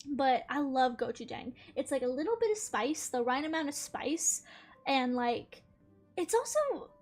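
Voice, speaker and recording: A woman's voice: high-pitched, very animated, a little slow, a little mellow, soft background music. A woman streaming a video game, chatting casually and laughing often as she talks. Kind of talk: casual live-stream chat.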